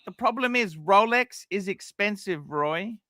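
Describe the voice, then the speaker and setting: High-voiced blunt man. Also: lively intonation, a little slow, sharp tone, dry recording. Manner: blunt and profane, reads out super chats. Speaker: livestream host. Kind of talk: casual livestream chat.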